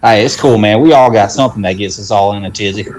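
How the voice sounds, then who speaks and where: A man's voice: on the low side, quick pace, poor audio. Joking young man at a tabletop game. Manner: drawling, joking. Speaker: player. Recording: faint background noise.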